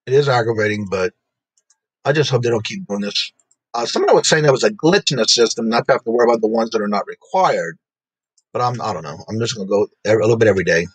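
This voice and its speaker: A man's voice: lowish voice, quick pace, breathy edge, no echo, low-quality recording. A man hosting a casual livestream, greeting viewers in the chat by name and laughing often. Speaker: livestream host.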